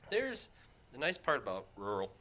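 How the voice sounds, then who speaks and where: A man co-hosting a podcast in a casual chat, relaxed and chatty, tossing in short reactions. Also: mid-range voice, moderate pace. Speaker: podcast co-host, firefighter.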